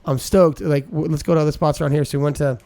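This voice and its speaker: A man with a fairly high voice co-hosts a casual podcast. He tells stories with energy, stumbling over and repeating words and putting on the voices of the people in them. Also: quick pace. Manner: animated storyteller, acts out quotes, repeats words. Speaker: podcast co-host. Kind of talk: casual storytelling chat.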